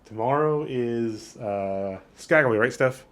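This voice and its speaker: A man's voice: medium pitch, slow. A man hosting a travel vlog, talking in a chatty, enthusiastic way while walking around outdoors on a town wharf. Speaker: travel vlogger. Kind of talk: casual vlog narration.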